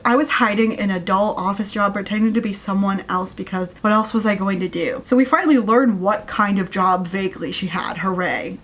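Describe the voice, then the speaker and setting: A woman's voice: mid-range voice, fairly bright tone, slight background noise. A woman hosting her channel, giving a casual, sarcastic rant review of a novel and sounding exasperated at the plot. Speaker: book reviewer.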